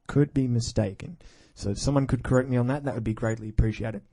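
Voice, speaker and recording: A man's voice: medium pitch, fast, warm tone, no echo. A man hosting a music podcast in a rambling, goofy, casual way full of self-mocking asides. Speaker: podcast host. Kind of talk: casual chat between music.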